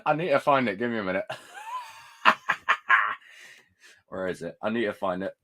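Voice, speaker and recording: A young man chatting on a live stream, ranting and swearing in an excitable way. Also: fairly low pitch, normal speed. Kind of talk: casual live-stream chat.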